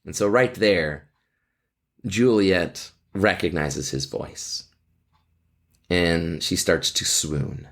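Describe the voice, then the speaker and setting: A man's voice: sits low, very slow, long pauses. A man hosting a podcast and teaching, casually explaining a play in a playful, chatty way with jokes.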